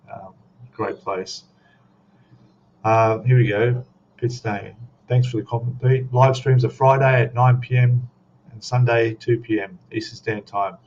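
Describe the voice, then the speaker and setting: A man's voice: on the low side, a little mellow. A man with an Australian accent hosting a casual live stream, rambling easily and reading out chat messages as he goes. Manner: rambling, easygoing, reads chat aloud. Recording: dull lo-fi stream audio, faint noise.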